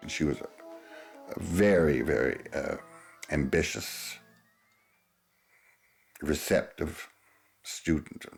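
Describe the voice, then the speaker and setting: A man speaking emphatically and drawn-out in a documentary interview. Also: a bass voice, vocal fry, breathy edge, soft background music.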